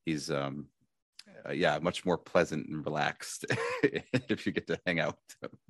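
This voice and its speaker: Male podcast guest, very deep voice, hesitant and easygoing, dry sound. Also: animated, a little slow, a bit bright, dry recording. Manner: thoughtful, hesitant, laughs easily. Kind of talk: casual interview chat.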